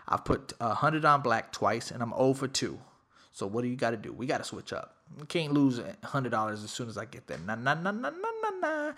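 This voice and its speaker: A young man from Texas, a podcast host telling a casual story with lots of profanity, acting out quoted lines loudly. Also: medium pitch.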